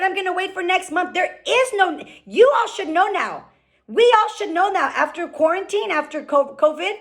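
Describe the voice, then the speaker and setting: Woman, high voice, motivational team call, fast and fired up, keeps asking okay?. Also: a bit bright. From California. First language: Spanish. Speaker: team leader speaking on a group call. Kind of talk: motivational business talk. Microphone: call microphone.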